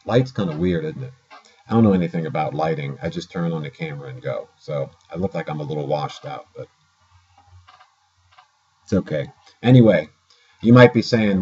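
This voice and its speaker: A man with a low, husky voice and a mellow, dark tone chats to his camera in a rambling vlog. He corrects himself often and fills pauses with "uh". The sound is dull and lo-fi, like a built-in camera mic in a dim room. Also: lively intonation. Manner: rambling, self-correcting, many fillers. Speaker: vlogger. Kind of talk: casual to-camera talk.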